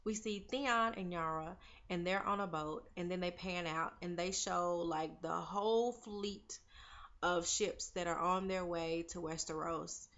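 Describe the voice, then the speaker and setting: A young woman recaps a TV episode in a chatty, opinionated way, calling her viewers "girl" and "y'all" as if they were friends. Her voice sits on the low side for a woman. The recording sounds dull and lo-fi. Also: unhurried, a bit bright. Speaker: TV recap vlogger.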